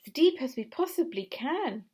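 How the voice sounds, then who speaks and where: A woman's voice: high-pitched, big pitch swings, moderate pace, dark tone, breathy edge, pitched above the performer's own voice, heavily acted. A woman reading a storybook aloud and voicing a clever, determined father fox in an urgent, commanding manner.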